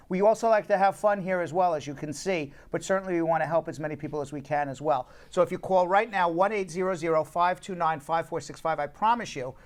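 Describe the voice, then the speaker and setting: Guy hosting a live call-in show, jokey banter with his cohosts, then earnest and repeats his pitch over and over. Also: fast, hardly any pauses. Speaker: talk show host and immigration lawyer.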